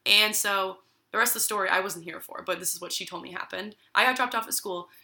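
A woman's voice: mid-range voice, fast. A young woman telling a long story in casual chat, acting out what people said and using "like" a lot. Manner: lively storyteller, acts out quotes with many "like"s.

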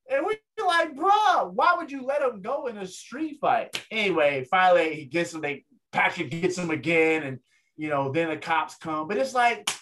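Man, lively storyteller, chatty guest energy, slightly high voice. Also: slight background noise. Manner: animated storyteller, acts out other people's voices. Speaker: guest, ring announcer. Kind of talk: storytelling in a casual interview.

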